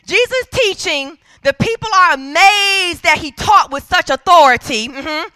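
A woman preacher delivers a fervent church sermon, pressing her points home with repeated calls for the congregation to answer her. Her voice sits very high and rings bright and forceful, and it is recorded dry and close. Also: animated, measured pace, dry recording. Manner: emphatic call-and-response preaching.

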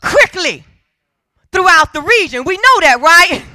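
A woman preacher delivers a fervent church sermon, pressing her points home with repeated calls for the congregation to answer her. Her voice sits very high and rings bright and forceful, and it is recorded dry and close. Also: big pitch swings, measured pace, no echo. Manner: emphatic call-and-response preaching.

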